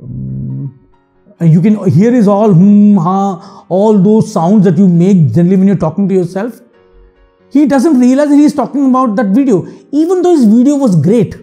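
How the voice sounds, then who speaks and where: A man's voice: sits high, expressive, moderate pace, warm tone, soft background music. A man from India with an Indian English accent, giving frank, earnest advice to other channel makers in a monologue. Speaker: YouTube channel host.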